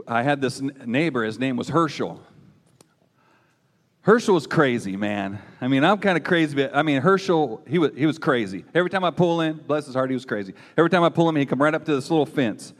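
A middle-aged man preaching a sermon and telling his own story in a folksy, emphatic way. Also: medium pitch. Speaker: pastor. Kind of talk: sermon with personal testimony. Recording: long hall reverb.

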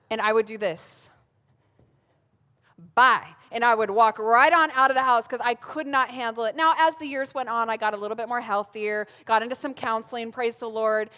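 A woman's voice: on the high side, a bit bright. Joking woman preacher, hall echo. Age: 30s. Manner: humorous, self-mocking storytelling. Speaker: pastor speaking at a women's gathering. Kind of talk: sermon. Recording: long hall reverb.

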